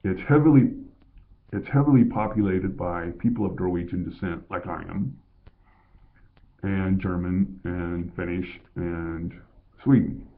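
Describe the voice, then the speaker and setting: Older man from Colorado, low voice, rambling casual vlog talk, thin phone-like audio. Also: unhurried. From Colorado, USA. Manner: rambling, conversational, with self-corrections. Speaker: vlogger. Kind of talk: casual monologue. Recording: tinny phone-like sound.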